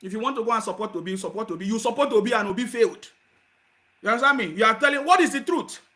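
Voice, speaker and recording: A man's voice: high voice, animated, rapid-fire. A man with a Nigerian accent hosting a heated call-in radio show, angrily scolding and insulting callers. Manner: angry, insulting, shouting at callers.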